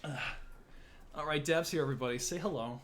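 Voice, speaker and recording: A man's voice: fairly high pitch, brisk, crowd noise. A man hosting a game stream, talking loosely and chattily to a guest and to his chat. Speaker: streamer host. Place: home room.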